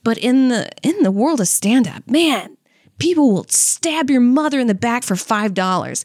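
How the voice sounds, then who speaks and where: A woman's voice: fairly high pitch, lively intonation, moderate pace, a little mellow, dry recording, studio quality. A young woman, a stand-up comic and co-host, telling stories casually. She acts out what people said and laughs often. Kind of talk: casual storytelling.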